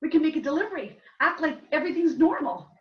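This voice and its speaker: A matter-of-fact older small-town woman owning up to an old killing, read by a woman in a plain voice pitched a little high. She sounds distant and roomy, with a dull, muffled tone. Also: very animated, fast talker. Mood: calm.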